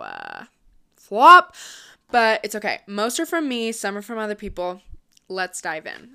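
A young woman talks straight to her viewers in a breezy, upbeat run of casual chat, scattering fillers as she goes. Her voice is smooth and clean, sitting at an ordinary middle pitch. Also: sharp tone. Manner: chatty, quick and upbeat, lots of "like" and "um". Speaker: vlogger.

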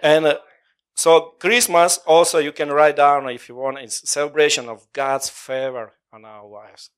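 Male preacher, slightly high pitch, animated, laughs between lines. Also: a little slow, clean tone. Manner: animated, laughing often, call-and-response with congregation. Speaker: pastor. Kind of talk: sermon.

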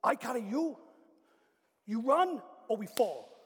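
A preacher doing a blunt paragliding pilot in broken English. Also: male voice, extremely high pitch, big pitch swings, slow, husky, in a large hall, heavily acted.

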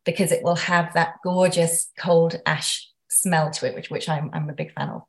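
Woman guest, slightly low pitch, chatty, self-deprecating, lots of restarts. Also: steady tone, normal speed. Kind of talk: casual interview.

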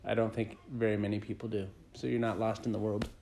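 A podcast host in casual chat, asking blunt questions and joking with a teasing, deadpan edge. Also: medium pitch, fairly quick, gravelly.

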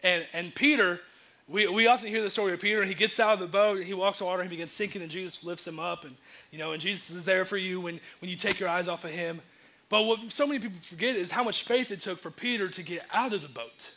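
A young man preaching a sermon in a casual, energetic way, acting out the quotes he tells. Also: high-pitched, quick pace. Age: young adult. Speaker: youth preacher.

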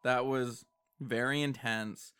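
A man casually reacting to new songs, excitable, swearing often and breaking into laughter. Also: mid-range voice, slow pace. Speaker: music reaction host. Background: faint music.

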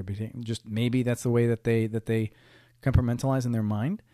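A man's voice: mid-range voice, steady tone, moderate pace, mellow, dry recording, studio quality. A young man hosting a podcast, telling stories in a casual, rambling monologue that is wry and profane, full of restarts. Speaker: podcast host.

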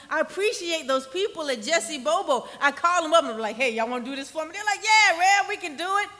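A high, bright-voiced woman, preaching from the pulpit in an easy conversational way. She sometimes drops her voice almost to a whisper to drive a point home, and her words ring out with a long reverb through the church sanctuary. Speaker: pastor. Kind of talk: sermon.

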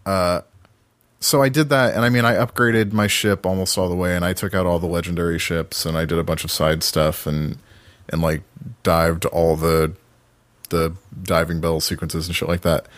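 A man's voice: sits low, fairly even intonation, moderate pace, fairly bright tone, no echo. A man hosting a casual podcast chat, talking loosely with restarts and plenty of swearing. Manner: rambling, many restarts, swears freely. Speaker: podcast host.

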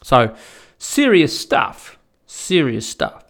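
A man's voice: mid-range voice, sing-song, drawn-out words, gravelly, a bit bright. A man ranting casually in a profane, rambling way, with many restarts. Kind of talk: casual rant.

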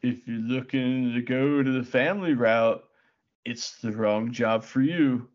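A man reading as a gruff veteran mercenary boss. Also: medium pitch, fairly even intonation, a little slow, lo-fi sound, natural voice.

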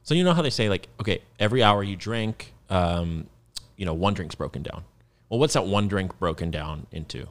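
A man's voice: deep voice, expressive, moderate pace. A man in his thirties, a guest founder explaining his work in a loose, casual podcast chat with plenty of fillers.

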